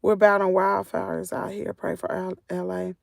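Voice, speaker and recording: A woman's voice: fairly low pitch, little pitch movement, moderate pace, gravelly, no room sound, studio quality. A woman with a Southern American accent, chatting casually with her livestream viewers from a parked vehicle, reading comments and laughing often. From Southern United States. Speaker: channel host.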